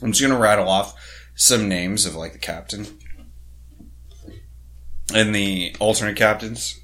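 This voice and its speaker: A man with a low, deep voice chats loosely on a sports podcast. He rambles, swears freely and stumbles through a list of player names. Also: measured pace, a bit bright. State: has the hiccups. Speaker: podcast co-host. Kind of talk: casual sports podcast chat.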